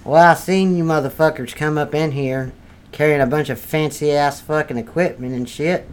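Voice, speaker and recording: A man's voice: a little high, steady tone, normal speed, clean tone, lightly acted. A man playing a crude, foul-mouthed redneck landlord from North Carolina, blustering through an improvised comedy sketch. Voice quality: profane, blustering, drawling. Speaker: comedy podcast character.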